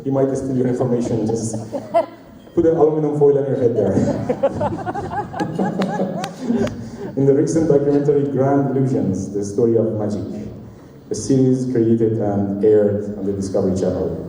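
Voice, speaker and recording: A man's voice: medium pitch, big pitch swings, normal speed, long pauses, dark tone, a little hiss or hum. A man in his forties hosting a company party, telling self-mocking jokes between acts. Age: 40s. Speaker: event emcee. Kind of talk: stand-up comedy hosting. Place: large party hall. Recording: distant, roomy hall recording.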